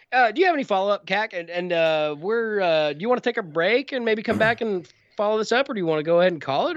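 A man with a fairly high, lively voice rambles through a casual chat, full of fillers and false starts. His dull lo-fi recording is dry and close. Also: no room sound. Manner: rambling with many fillers and restarts. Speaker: podcast co-host.

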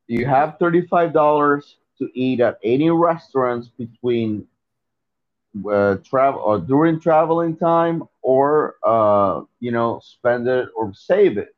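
A man talking casually in an interview, halting, with many fillers and repeated words, on a phone line. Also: mid-range voice, animated.

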